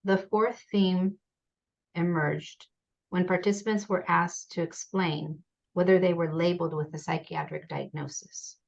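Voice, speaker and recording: A woman giving a measured academic presentation over a video call, reading participants' quotes aloud. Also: lowish voice, steady tone. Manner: measured, reads quotations aloud. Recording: dull lo-fi video call audio.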